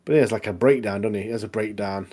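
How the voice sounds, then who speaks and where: Low-voiced man recapping a show. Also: very fast. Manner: animated, recaps the plot with acted-out quotes. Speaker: podcast co-host. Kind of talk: casual chat.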